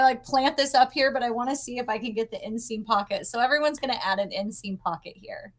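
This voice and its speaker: A woman's voice: fairly high pitch, quick pace, few pauses, fairly bright tone. Upbeat young woman, guest designer on a video call, chatty teaching tone. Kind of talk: demonstrating a pattern on a livestream.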